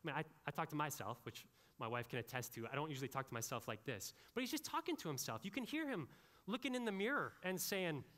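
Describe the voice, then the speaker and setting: A male pastor preaching a sermon, with animated, conversational delivery and frequent asides to the congregation. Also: fairly high pitch, fast, in a large hall.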